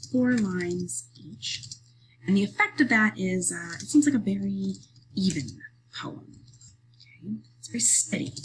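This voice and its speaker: A woman teacher walking students through a lesson, patient and explanatory, checking in often with "okay?" and pausing on fillers. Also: mid-range voice, breathy edge, low-quality recording. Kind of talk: screen-recorded lesson walkthrough.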